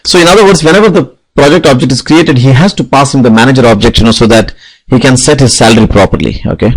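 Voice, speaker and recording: A programming instructor gives a live coding tutorial on object-oriented programming, explaining the code as he types and dropping "okay" and "you know" often. His mid-range voice comes fast with a breathy edge. The recording quality is low.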